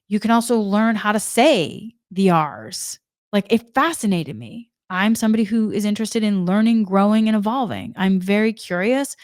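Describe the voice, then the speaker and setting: Woman, Boston accent, higher pitch, enthusiastic reflective monologue, dry close sound. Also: no room sound. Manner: animated, enthusiastic, many "like" fillers. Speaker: spiritual energy forecaster.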